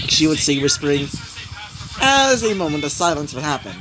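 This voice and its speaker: A young man narrates a fan story off the cuff. His voice sits fairly high, and he rambles through his fillers as he finds the next beat. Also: big pitch swings, normal speed. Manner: rambling, full of 'you know' and 'basically'.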